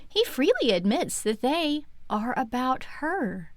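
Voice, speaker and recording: Podcast co-host, woman, high lively voice, theatrical plot recap, dry sound. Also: slow pace, dry recording. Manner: dramatic, gasping recap with loud outbursts. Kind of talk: casual book recap.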